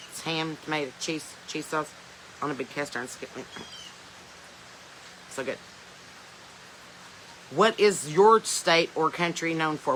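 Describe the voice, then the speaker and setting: A woman's voice: on the low side, sharp tone, slight background noise, low-quality recording. A woman with a Southern US accent hosting a casual live stream from her phone, rambling, laughing often and reading viewer comments aloud. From Southern United States. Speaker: podcast host. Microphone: smartphone.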